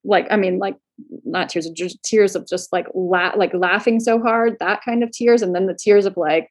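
A woman's voice: medium pitch, moderate pace. A woman from Florida, co-founder of a clothing brand, telling stories in a casual interview with lots of fillers and laughter. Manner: chatty, animated, laughs often, many fillers.

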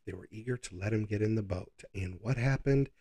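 A man's voice: on the low side, a little fast, warm tone, breathy edge. A man hosting a live Bible study, talking through scripture in a conversational, reflective way.

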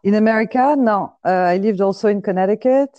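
French woman w/ accent chatting on the phone, laid back, lots of uh and um, flat dull sound. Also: medium pitch, fast talker, no room sound. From France. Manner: relaxed, easily amused, hesitant fillers. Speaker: podcast host. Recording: dull dry phone line.

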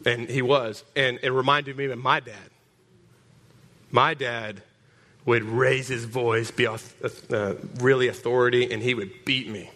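A man preaching a storytelling sermon, animated, stumbling over repeated words and calling out to the congregation. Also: medium pitch, measured pace. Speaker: pastor.

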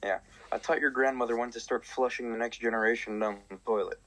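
A woman's voice: very deep voice, steady tone, quick pace, a bit bright, low-quality recording. A young woman teasing and acting mock-tough during a party card game over an online voice call.

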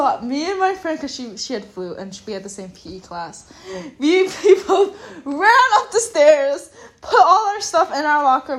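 A teenage girl co-hosting a casual podcast, animated and laughing as she tells stories. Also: sits high. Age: teens. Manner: animated, laughing, mimics teachers in bursts. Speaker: podcast co-host. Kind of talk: casual chat.

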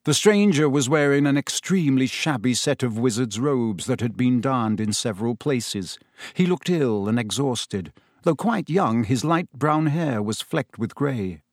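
A man narrating an audiobook chapter in an expressive storytelling voice. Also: mid-range voice, measured pace, no room sound, clean studio sound.

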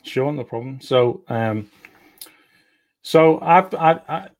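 A middle-aged man with a Liverpool accent, a friendly guest on an online interview, talking quickly and easily. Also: medium pitch, darkish tone.

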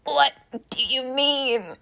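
A woman's voice: high-pitched, takes it slowly, creaky, bright, forceful tone, heavily acted. A woman doing a weak, confused beaten man. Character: bewildered beaten-down male hero, weak and confused.

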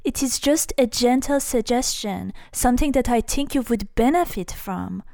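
A woman's voice: a little high, lively intonation, moderate pace, vocal fry, a little mellow, no echo, studio quality, pitched above the performer's own voice. A woman voicing a nagging middle-aged Iranian mother, fussy and pushy. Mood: sweetly pushy.

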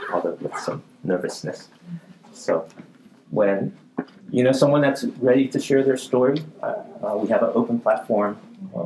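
A man hosting a podcast, giving a measured talk sprinkled with "uh" fillers. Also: fairly low pitch, warm tone, echoey room, slight background noise, poor audio. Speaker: podcast co-founder and host. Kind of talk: talk presentation.

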